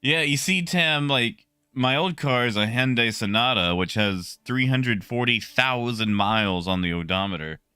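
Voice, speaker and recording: A young man casually chatting with his stream viewers, relaxed and talkative, greeting people by name. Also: mid-range voice, moderate pace, few pauses, smooth, no echo, clean studio sound. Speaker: livestreamer.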